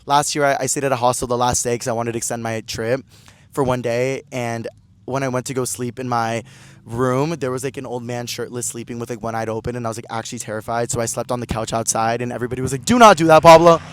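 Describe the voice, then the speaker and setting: A man telling a casual storytime vlog, chatty and animated, acting out other people's lines in a higher voice. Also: quick pace, a little hiss or hum. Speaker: vlogger.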